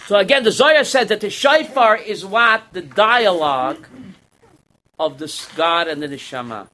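A man's voice: sits high, expressive, moderate pace, bright, forceful tone. A man giving a Torah class as a rabbi, quizzing his students and acting out parables.

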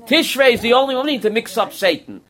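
A man's voice: very high-pitched, sing-song, fast, a bit bright. A man giving a Torah class as a rabbi, quizzing his students and acting out parables.

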